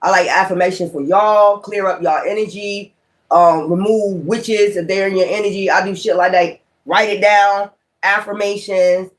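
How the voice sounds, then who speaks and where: Tarot reader, man with a high voice; casual vlog monologue, rambling, profane, emphatic. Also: fairly even intonation, normal speed.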